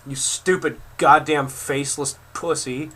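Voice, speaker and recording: A man's voice: on the high side, steady tone, a little slow, a bit bright, a little hiss or hum. A man in his twenties ranting angrily to camera at his critics, swearing hard and stumbling over repeated words. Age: 20s. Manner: furious, swearing, stammering repeats. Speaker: video creator answering critics. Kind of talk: angry profane rant to camera.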